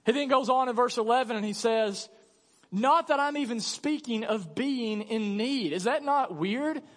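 A man preaching a sermon as pastor, animated and conversational, acting out quick voices to make his point. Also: extremely high pitch. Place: large church hall. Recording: church hall reverb.

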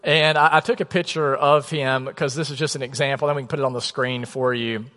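Male pastor, 30s, storytelling sermon delivery, mid pitch, long church-hall reverb. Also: fairly even intonation, brisk. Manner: storytelling, conversational, drops to a soft low voice for emphasis. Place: church sanctuary.

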